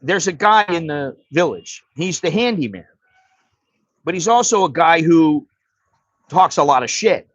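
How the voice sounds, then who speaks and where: A middle-aged American man hosts a livestream from his home setup, telling blunt, profane stories and often rambling and restarting sentences. His voice is a little high and a bit bright, with lively intonation, a measured pace and long pauses. The stream audio is dry, dull and lo-fi, with no room sound.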